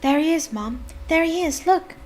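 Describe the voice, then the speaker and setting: A woman reading the lines of an excited little girl who squeals at a famous boy. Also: high voice, normal speed, pitched above the performer's own voice.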